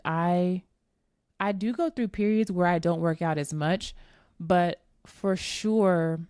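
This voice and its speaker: Speaking directly to her listeners, a woman in her forties who coaches fitness shares a personal story on her casual solo podcast, chatty and open. The lowish, warm voice is recorded at studio quality without echo.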